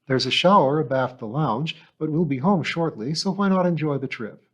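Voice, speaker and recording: A poised young society woman speaks with polished courtesy and curiosity, voiced by a man. Her lines rise a touch above the reader's usual pitch and carry a bright, well-mannered lilt. She sounds like a storybook hostess making careful small talk. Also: expressive, normal speed, lo-fi sound. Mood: friendly. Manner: polite, bright, gently inquisitive.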